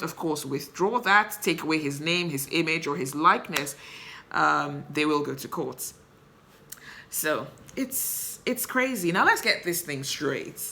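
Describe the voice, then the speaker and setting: A woman with a fairly low, bright, forceful voice hosts her own show. Speaking to camera, she delivers impassioned opinion commentary full of emphatic rhetorical questions.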